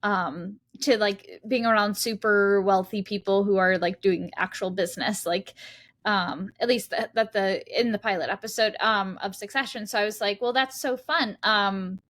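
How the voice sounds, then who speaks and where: A woman's voice: medium pitch, steady tone, normal speed, a bit bright. Chatty woman rambling with many fillers. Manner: rambling, filler-heavy, laughs easily. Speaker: guest actor. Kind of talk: casual interview chat.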